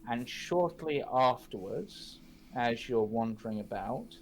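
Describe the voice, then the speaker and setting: Guy running a tabletop game, slow careful narration, bit of hiss behind. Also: medium pitch, lively intonation, poor audio. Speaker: game master.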